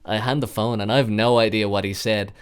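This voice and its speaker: A young man hosts a podcast monologue, telling a long personal story in a rambling way with frequent fillers and swearing. His voice is on the low side, steady, brisk and clean-toned, with faint music playing behind.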